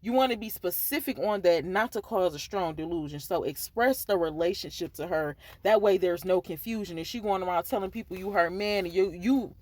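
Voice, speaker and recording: A woman's voice: lowish voice, fairly quick, hardly any pauses, a little mellow, no room sound. Woman doing a chatty advice podcast for guys, dry close mic, keeps saying you feel me. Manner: candid and conversational, full of asides like "you feel me". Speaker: podcast host giving dating advice to men. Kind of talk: casual advice talk.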